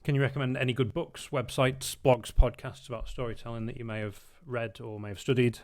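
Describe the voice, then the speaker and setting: A man's voice: mid-range voice, steady tone, fairly quick, a little mellow, dry recording. A man hosting a podcast interview, asking questions politely with hesitant fillers. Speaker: podcast host.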